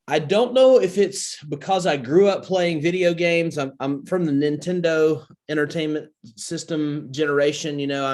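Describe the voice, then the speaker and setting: Chatty Southern man in his forties. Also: mid-range voice. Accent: Southern American. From Alabama, USA. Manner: chatty, self-deprecating, frequent fillers. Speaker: podcast guest, crypto investor. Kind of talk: casual interview talk.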